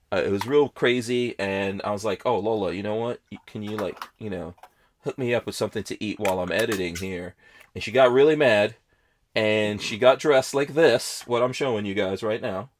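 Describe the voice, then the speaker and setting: A man's voice: on the low side, a little hiss or hum. A man hosting a podcast, chatting casually and telling rambling stories with frequent laughs. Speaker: podcast host.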